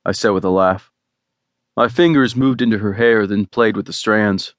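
A man narrating a first-person romance audiobook in a relaxed, wry way. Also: fairly low pitch, normal speed, no echo.

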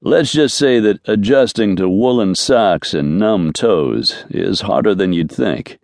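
A man playing a weary, gruff rodeo cowboy who answers in clipped, terse lines. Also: fairly low pitch, expressive, measured pace, darkish tone, dry recording, studio quality.

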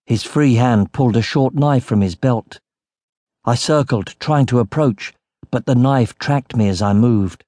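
Brief: man, mid-pitched, steady audiobook narration, close dry mic. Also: measured pace, dry recording. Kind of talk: scripted narration.

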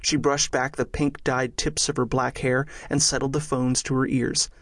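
A man reading a thriller audiobook aloud in a measured, steady storytelling manner. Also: medium pitch, no echo, clean studio sound. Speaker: audiobook narrator. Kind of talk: scripted audiobook narration.

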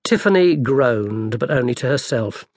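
A man narrating an audiobook in a lively, dry storytelling manner. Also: mid-range voice, normal speed, dry recording. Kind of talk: scripted narration.

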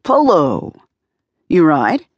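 Lady narrator doing a brash middle-aged producer dude, low and curt, barely paying attention. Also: wildly swooping pitch, drawn-out words, breathy edge, no room sound, heavily acted. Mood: offhand. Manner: curt, offhand, phone-distracted. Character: brash fifty-ish male film producer, distracted.

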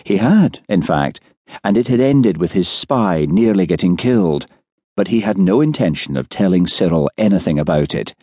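A man narrating an audiobook in a measured storytelling manner, recorded on a studio microphone. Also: low-pitched, animated, dark tone, breathy edge, no room sound. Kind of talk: scripted narration.

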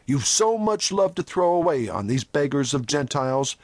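An audiobook narrator voicing a stern, curt male church elder who gives commands, with lively pitch in a dry recording. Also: moderate pace, no echo.

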